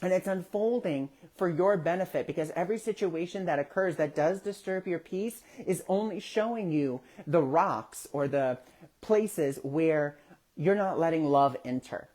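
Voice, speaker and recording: A man's voice: fairly high pitch, unhurried, darkish tone. A man hosting a casual spiritual talk online, telling stories animatedly and acting out the voices he quotes. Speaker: spiritual discussion host. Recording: social media live stream.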